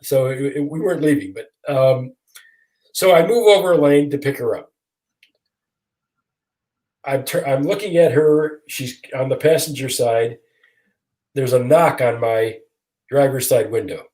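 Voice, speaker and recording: Pausing often, a Michigan attorney in his sixties tells a self-deprecating story as a guest in a casual video-call interview. His voice is mellow and medium-pitched, with a measured pace.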